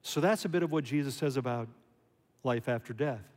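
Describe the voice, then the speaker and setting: Animated preaching man in a reverberant hall. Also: medium pitch, fairly quick. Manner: conversational, animated, rhetorical questions. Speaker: pastor. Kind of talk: sermon.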